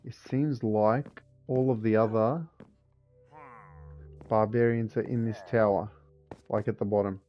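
A man giving live gameplay commentary, talking to himself and the game in a jumpy, excitable way. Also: fairly low pitch, a little slow, pauses often, highs cut off, faint music behind. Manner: jumpy, talks to himself and his pets in-game. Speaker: gamer.

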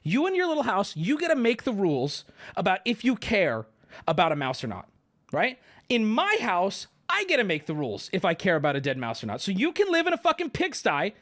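A man's voice: high-pitched, huge pitch swings, a little fast, a bit bright. A man streaming live, ranting sarcastically and swearing often as he talks to chat. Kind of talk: casual livestream chat.

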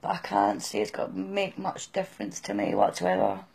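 A middle-aged British woman gives halting, raw, emotional personal testimony. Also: mid-range voice, big pitch swings, vocal fry, a little mellow, slightly rough. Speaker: person sharing her experience.

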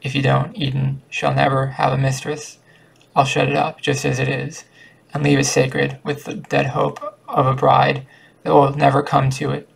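A man's voice: mid-range voice, completely flat delivery, moderate pace, creaky, husky, rough recording. A man voicing an earnest, lovestruck young man in an audiobook reading, in a plain reading voice. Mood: pleading.

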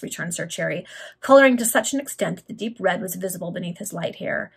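A woman's voice: lowish voice, animated, quick pace, gravelly, husky. A woman reading a Victorian serial aloud among friends, often amused by the text. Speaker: reader.

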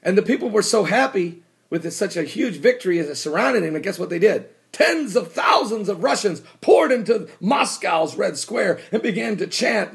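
A man hosting a prophecy commentary show, preaching with emphasis and bursting into shouts. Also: fairly high pitch, very animated, normal speed, creaky.

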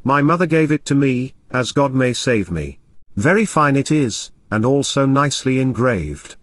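A lovesick young parish clerk, foolish and pleading, pours out flowery endearments, read by a man. The voice swings widely in pitch. It sounds close and dry, with no room around it. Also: lively intonation, moderate pace, dry recording, close to an everyday voice. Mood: wooing.

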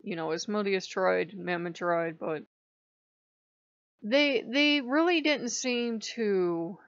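A woman's voice: mid-range voice, slow, muffled recording. A woman hosting her own channel, telling a personal story in a frank, rambling way and swearing often. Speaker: spiritual channel host. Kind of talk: emotional personal vlog.

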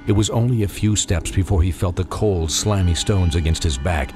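A man narrating a dark audiobook in measured, dramatic storytelling. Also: low-pitched. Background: music.

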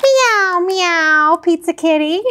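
A woman voicing a hungry, excited little girl who squeals animal sounds in a storybook reading. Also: extremely high pitch, slow pace, voice pushed up, full character voice.

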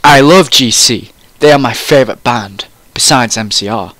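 A man's voice: mid-range voice, normal speed, pushed and bright, no echo, close to an everyday voice. A man voicing a self-absorbed seventeen-year-old goth vampire girl who speaks in an overdramatic, breathless way. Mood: dramatic.

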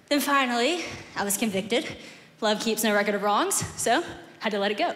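A young woman, a guest speaker telling a story in a sermon, animated and acting out both sides of a conversation on a stage microphone in a large church auditorium. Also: fairly high pitch, moderate pace, long reverb tail, slight background noise. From Southern United States. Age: young adult.

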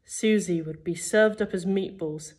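Her voice fairly low and her pace a little slow, a primary school teacher reads a kids' book aloud and plays the characters with expressive storytelling.

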